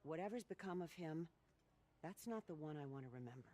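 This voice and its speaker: A caring older aunt worn out from running a shelter, speaking gently with a dark, mellow tone. Her pitch moves in lively swoops in this video game scene. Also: brisk.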